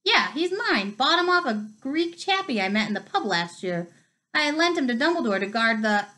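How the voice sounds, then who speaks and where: A woman reading aloud, voicing a big, gruff grown man who is insistent and a little heated. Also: on the high side, big pitch swings, normal speed, pushed and bright.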